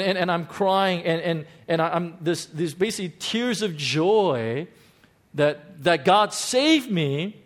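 A pastor preaching a heartfelt testimony sermon, stumbling and restarting, swinging from hushed confession to exclaiming joy. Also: male voice, a little high. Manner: emotional, halting, many restarts, swings between hushed and exclaiming.

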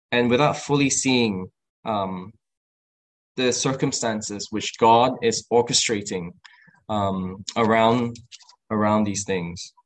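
A man preaching a sermon in an earnest voice, stopping to restart his phrases and acting out the quoted lines with a lifted voice. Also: poor audio. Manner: earnest, acts out quoted lines with rising pitch; halting with restarts and fillers.

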